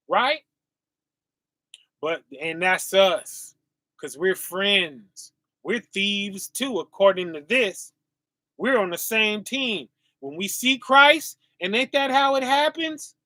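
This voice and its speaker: A man's voice: high voice, pushed and bright, no echo. A male preacher, reading scripture and asking his listeners "right?" as he goes. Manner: call-and-response asides, often asking "right?"; reads verses slowly and drawn out.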